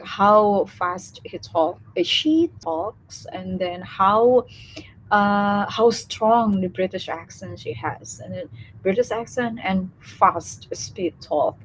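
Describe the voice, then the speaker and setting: Slow, hesitant Indonesian-accented young woman. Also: mid-range voice, slight background noise, low-quality recording. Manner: hesitant, many fillers and restarts. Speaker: student speaker on a live session. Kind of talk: casual live talk.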